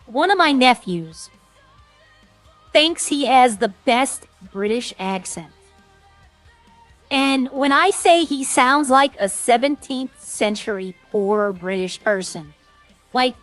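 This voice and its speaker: A woman's voice: high-pitched, fairly bright tone, dry recording. Chatty woman streamer, dry mic. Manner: rambling, chatty, self-deprecating. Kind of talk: casual chat to stream viewers.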